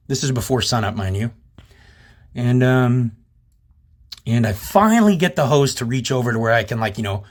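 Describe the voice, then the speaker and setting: A man recounting a workplace run-in in a loose, rambling way, cursing often and sounding indignant. His voice sits at an ordinary middle pitch, and he talks directly to the people listening. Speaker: channel host recounting a workplace incident. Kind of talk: casual storytelling to camera.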